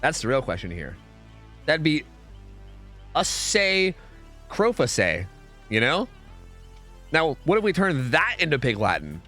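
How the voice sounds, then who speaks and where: A man's voice: on the high side, huge pitch swings, unhurried, long pauses, pushed and bright, faint music behind. A man streaming a game, chatting casually with viewers, rambling and swearing, saying dude a lot. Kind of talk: casual chat with chat while gaming.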